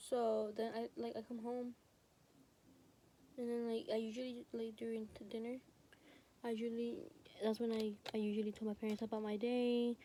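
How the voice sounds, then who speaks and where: While doing her nails at home, a teenage girl records a rambling storytime about school on her phone, full of "like" and "you know." The voice is fairly high and warm, flat in delivery at a moderate pace, with a little hiss or hum.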